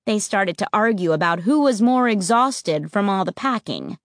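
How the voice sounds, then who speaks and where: A woman's voice: medium pitch, normal speed, dry recording, clean studio sound. A woman narrating a storybook and voicing its characters' lines. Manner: lively, acts out the characters' lines. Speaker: audiobook narrator.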